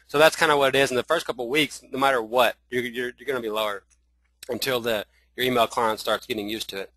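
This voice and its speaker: A man with a Southern accent teaching a live screen-share webinar, talking in halting runs full of restarts and fillers. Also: medium pitch, fairly even intonation, a bit bright, dry recording, low-quality recording. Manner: halting, many restarts and fillers, addresses viewers as y'all. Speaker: online marketing trainer.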